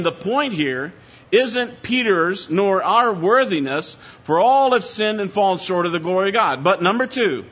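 A man preaching an expository sermon, working through the text point by point in a measured, emphatic way. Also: high-pitched, pushed and bright, highs cut off. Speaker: pastor.

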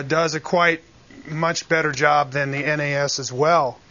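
Guy preaching a sermon, high voice, earnest and punchy, kinda muffled lo-fi recording. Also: sharp tone. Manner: earnest, emphatic preaching with asides to the congregation. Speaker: pastor.

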